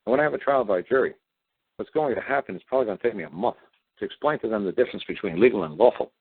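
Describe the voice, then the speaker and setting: Blunt, husky-voiced man on a phone line. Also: fairly low pitch, animated, very fast, no echo. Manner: blunt, combative, repeats "I said" often. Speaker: talk show host. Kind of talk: casual storytelling on a talk show.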